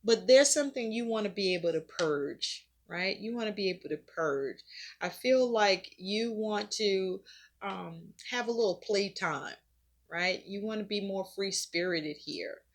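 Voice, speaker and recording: A woman's voice: medium pitch, expressive, a little slow. A woman giving a casual tarot reading to her viewers. She talks conversationally, repeats herself often, uses a lot of fillers and swears casually now and then. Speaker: tarot reader.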